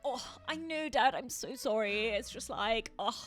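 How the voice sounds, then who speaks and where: A woman doing a sheepish young prince, wheedling and breezy, kinda high voice, faint music. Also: unhurried, close to an everyday voice. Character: sheepish young prince apologizing to his father.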